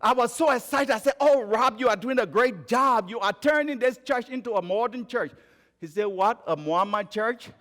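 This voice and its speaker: A man from Liberia with a Liberian accent, preaching a sermon and telling stories, moving between emphatic raised phrases and quiet low ones. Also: fairly quick. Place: church sanctuary. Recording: church sanctuary with long reverb.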